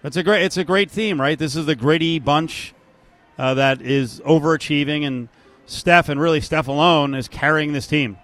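A man's voice: on the high side, normal speed, a bit bright, faint music behind. A man hosting a sports betting radio show, casual and dryly sarcastic.

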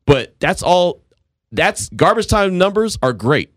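A man in his forties hosting a casual sports talk show, telling stories with animated voices. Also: high voice, slow, dry recording, studio quality. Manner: animated storytelling, acts out voices.

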